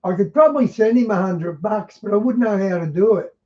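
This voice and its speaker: A man's voice: sits high, brisk. A man commenting over a played clip and making dry asides to someone watching with him. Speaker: reaction commentator. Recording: muffled lo-fi audio.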